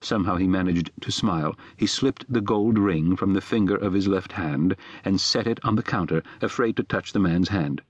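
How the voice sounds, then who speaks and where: A man with a fairly low voice reads an audiobook in a measured, even way. The recording is close and dry, with no room sound at all. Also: dry recording. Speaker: audiobook narrator. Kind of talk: scripted narration.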